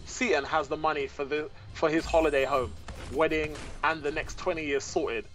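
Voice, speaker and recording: Male livestream co-commentator, giggly, reads chat messages, fairly high voice, faint music bed. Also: fairly even intonation, normal speed, fairly bright tone. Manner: giggly, reads messages aloud between laughs. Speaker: guest co-commentator reading donations.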